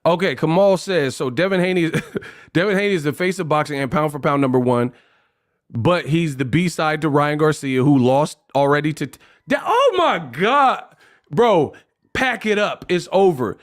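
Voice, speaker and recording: A man hosting a casual livestream, talking in a lively way, rapping short rhymes and reading donation messages aloud. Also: fairly high pitch, moderate pace. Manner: animated, freestyles rhymes, reads donations aloud. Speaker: livestream host.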